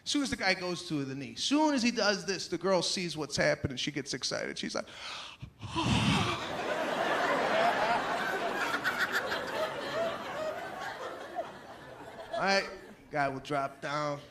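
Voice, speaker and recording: A man doing stand-up comedy on stage, animated and exasperated, often shouting his punchlines. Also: on the high side, fairly quick, very noisy. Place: comedy stage before a live audience.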